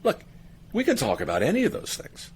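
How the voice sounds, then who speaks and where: A man's voice: high voice, huge pitch swings, a little fast, darkish tone, slight background noise. A man hosting a podcast, talking emphatically and laughing often in casual conversation. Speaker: podcast host.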